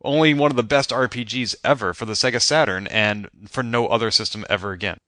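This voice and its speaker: A man's voice: medium pitch, quick pace, fairly bright tone, no room sound, clean studio sound. A man hosting a casual podcast chat, asking wry questions and laughing easily.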